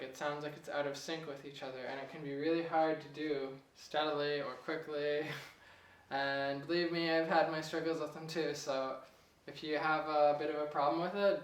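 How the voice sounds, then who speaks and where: A young man giving a casual piano lesson, relaxed and chatty, chuckling at himself now and then. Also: fairly high pitch, distant mic. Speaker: piano teacher. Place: room with a piano. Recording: echoey room, voice off-mic.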